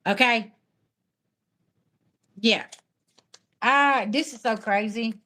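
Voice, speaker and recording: A woman's voice: fairly high pitch, extremely slow, bright, forceful tone. Sassy woman live-streaming. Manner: sassy, blunt, talks straight back at chat comments. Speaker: spiritual reader livestreaming to viewers. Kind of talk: casual live-stream chat with viewers.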